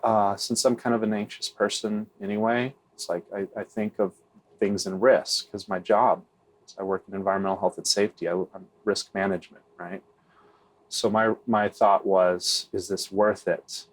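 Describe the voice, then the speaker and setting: Middle-aged guy, kinda low voice, candid interview chat, keeps saying right?. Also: level tone, normal speed. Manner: candid, repeats "right?", restarts phrases. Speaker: real estate investor. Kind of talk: conversational interview answers.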